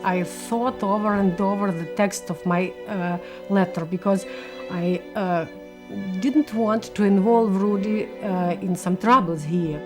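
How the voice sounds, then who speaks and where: A woman at a middle pitch tells her memories slowly and haltingly, stopping often on hesitation sounds. Music plays clearly behind her. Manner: halting, many hesitation fillers. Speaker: interviewee. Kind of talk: recounting memories in an interview.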